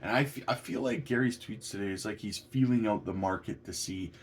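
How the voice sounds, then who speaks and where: A man talks through documents in a casual commentary. His voice sits low, but he rises sharply when something strikes him as outrageous. He is indignant and halting, full of restarts and fillers. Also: slight background noise. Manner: indignant, rising to incredulous peaks. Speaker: crypto commentator.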